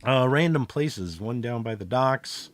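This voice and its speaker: Man with a lively voice running a tabletop game. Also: mid-range voice, measured pace, slight background noise. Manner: narrates and voices side characters, chuckling. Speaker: game master.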